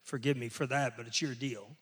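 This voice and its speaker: An older man, a pastor, preaching a sermon in an emphatic way that builds to loud peaks. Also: mid-range voice, steady tone, a little fast.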